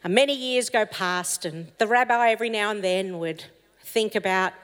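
An animated woman preacher tells personal stories and parables with lively expression. Her voice sits at an ordinary pitch. A long reverb trails each phrase, as in a church hall. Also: normal speed, clean tone. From Italian heritage. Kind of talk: storytelling sermon.

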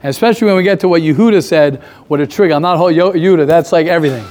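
Guy teaching a class, pretty high voice, keeps throwing questions back at people, repeats stuff. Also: very fast. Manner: animated, fires rhetorical questions, repeats points. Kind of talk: casual lively classroom talk.

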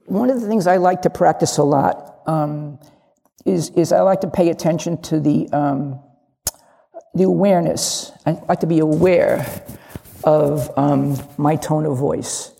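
An older woman gives a candid, funny dharma talk, her voice gravelly and husky with a mellow tone. The words carry a long reverb from a large meditation hall. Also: sits low, a little slow. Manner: candid, humorous, acts out little dialogues. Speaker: lay Zen teacher.

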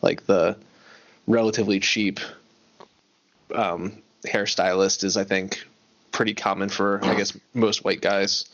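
A man co-hosting a podcast, chatting casually about a TV episode in a measured, thoughtful way with dry humor. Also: deep voice, little pitch movement, a bit bright, highs cut off. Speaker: podcast co-host. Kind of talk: casual chat recapping a TV episode.

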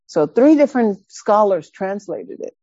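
Animated woman giving a dharma talk. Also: mid-range voice, normal speed, dry recording, lo-fi sound. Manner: animated, emphatic, repeats words for stress. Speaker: Buddhist dharma teacher. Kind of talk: dharma talk with personal anecdote.

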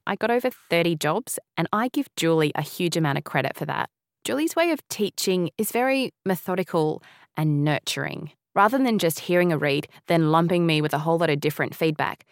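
A woman's voice: deep voice, expressive, a little fast, no room sound, studio quality. A woman former voiceover student giving an earnest, appreciative testimonial. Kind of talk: scripted testimonial.

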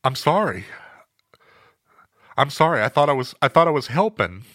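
Flustered show host, stammering, apologetic, bright voice, dry close sound. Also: male voice, mid-range voice, sing-song, normal speed, no echo. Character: flustered male radio host caught off guard.

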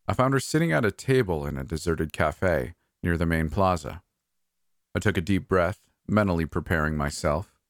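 A man narrating a first-person horror story in a calm, measured, slightly wry way. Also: low-pitched, dry recording, clean studio sound.

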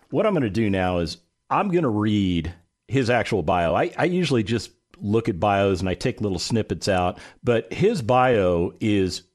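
Middle-aged male radio host, lively and emphatic, with a playful, swooping delivery. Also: lowish voice. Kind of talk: radio talk show.

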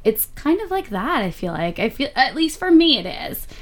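A young woman from New Jersey co-hosting a casual podcast chat, telling stories in a chatty, animated way. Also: high voice, normal speed. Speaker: podcast co-host.

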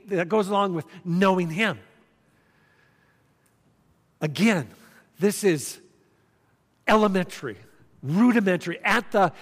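A pastor in his fifties preaches a sermon, earnest and conversational, telling stories and repeating points for emphasis. His voice sits high and sounds a bit bright. Long hall reverb fills the recording.

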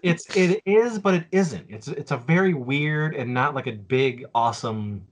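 A man's voice: mid-range voice, animated, measured pace, slight background noise. Chatty man rambling through a story. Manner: rambling, with many fillers and restarts. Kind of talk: casual nostalgic storytelling.

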